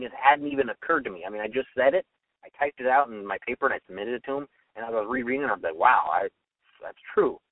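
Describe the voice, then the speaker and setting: A young man rattles through an opinionated radio monologue at a fast clip, arguing and slipping into quick quoted voices. The sound is thin and phone-like, with the voice set back from the mic. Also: mid-range voice, dry recording, distant mic. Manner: argumentative, acts out quoted voices.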